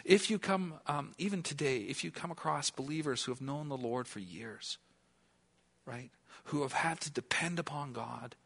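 A man preaching a sermon in an earnest tone, asking his listeners questions and at times dropping to a hushed, near-whispered delivery. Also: fairly high pitch, moderate pace, vocal fry, slightly rough. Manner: earnest, asks the listeners questions, then drops to a hush. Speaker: pastor.

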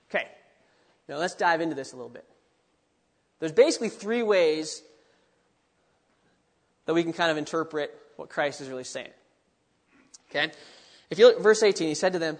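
A man preaching a sermon, animated, acting out quotes with sudden bursts of excitement. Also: on the high side, normal speed, in a large hall.

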